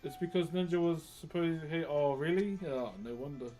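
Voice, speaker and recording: New Zealand man, relaxed stream chatter, fairly high voice, faint music behind. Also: moderate pace. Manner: laid-back, reads chat aloud, says "bro" constantly, laughs often. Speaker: livestreaming wood carver. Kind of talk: casual live-stream chat while working.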